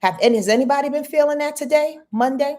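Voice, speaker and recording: Emphatic woman astrologer, mellow voice. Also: high voice, fast. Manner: emphatic, repeats herself, rhetorical questions; talks straight to viewers in chat. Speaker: astrologer host. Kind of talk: live-stream astrology forecast.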